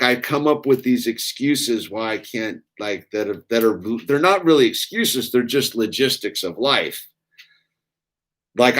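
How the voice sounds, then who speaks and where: A man's voice: mid-range voice, a bit bright. A middle-aged man, chatting casually and rambling while building Legos, saying "dude" a lot. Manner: laid-back, rambling, says "dude" a lot. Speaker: vlogger.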